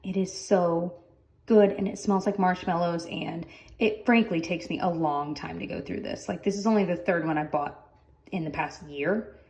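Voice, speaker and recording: A woman's voice: lowish voice, moderate pace, a little mellow, rough recording. A young woman chatting casually to camera as a family vlogger, talking loosely with plenty of "like" fillers.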